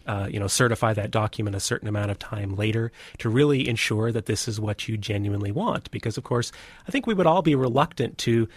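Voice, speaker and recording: A man who is a philosophy professor, a guest on a radio show, explaining in a measured way with frequent fillers. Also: lowish voice, husky, no echo. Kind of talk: radio interview.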